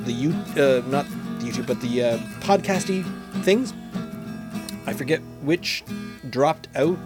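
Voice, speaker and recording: Jokey guy rambling about beer on his podcast, kinda high voice, faint music behind. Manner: rambling, jokey, self-mocking. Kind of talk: casual solo chat while tasting beer.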